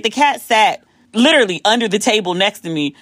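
An American woman hosting a podcast, telling a long casual story in an animated way, swearing freely and acting out the voices of people she quotes. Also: mid-range voice, fairly quick, no echo, studio quality. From United States. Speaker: podcast host.

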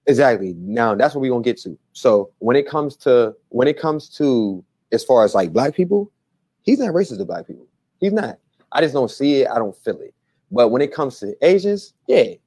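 A man answering interview questions in a halting, blunt and repetitive way. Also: mid-range voice, big pitch swings, warm tone, breathy edge, no room sound. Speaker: interview guest.

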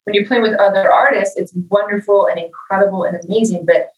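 This guest musician, a middle-aged woman, chats quickly at medium pitch during a relaxed interview, performing the voices of people she quotes with lively storytelling flair. The audio is muffled, with room echo and a mic placed far away.

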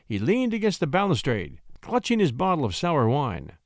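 A man narrating a classic short story in a theatrical, expressive reading. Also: fairly high pitch, normal speed, no echo, studio quality.

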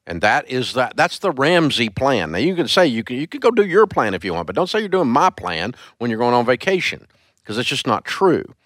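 A man's voice: medium pitch, big pitch swings, brisk, a bit bright, no room sound, studio quality. A man hosting a call-in radio show, blunt and emphatic as he rants at a caller.

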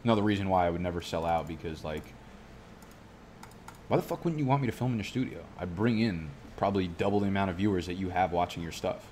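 A man's voice: sits low, quick pace, a little mellow, slight background noise. A young man talking casually to his viewers while drafting a fantasy football team, rambling, swearing freely and drifting off on tangents. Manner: rambling, profane, goes off on tangents.

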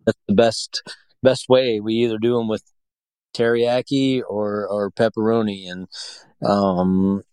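A man's voice: lowish voice, level tone, unhurried, a little mellow, smooth, dry recording. A man from the Pacific Northwest chatting casually as a podcast guest, rambling with lots of fillers and restarts. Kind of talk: casual chat.

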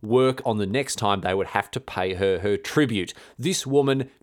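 A man's voice: fairly low pitch, normal speed. A man telling a history story in a casual, irreverent, slangy way, full of fillers. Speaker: history podcast host.

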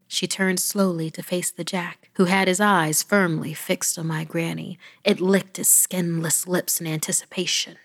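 A woman's voice: on the low side, steady tone, measured pace, hardly any pauses, fairly bright tone. A woman narrating a first-person horror story, often dropping to a whisper with dramatic pacing.

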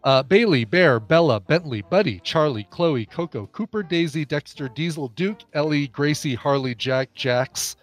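A man co-hosting a casual podcast chat, reading lists briskly and laughing often. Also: on the high side, expressive, soft background music. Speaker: podcast co-host.

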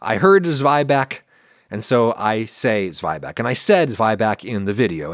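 A man's voice: mid-range voice, big pitch swings, measured pace, no room sound, clean studio sound. An American man hosting a podcast, answering listener questions in a wry, opinionated, emphatic monologue. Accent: General American. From United States. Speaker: podcast host.

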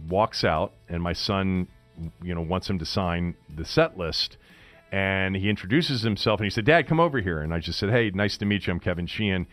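A man's voice: low voice, a bit bright. A middle-aged man hosting a sports radio show, telling a rambling story in a casual, chatty way. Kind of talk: casual monologue. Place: radio studio.

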